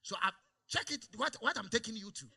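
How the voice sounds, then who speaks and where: A man preaching a sermon in a church service, calling for amens and swinging between quiet asides and loud exclamations. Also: high-pitched, expressive, fairly quick, gravelly, husky. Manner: calls for amens from the congregation. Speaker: pastor.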